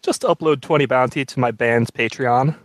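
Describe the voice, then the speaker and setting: A man playing a tabletop game, cracking quick jokes. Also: mid-range voice, slight background noise. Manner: joking, quick quips. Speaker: player. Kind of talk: casual chat.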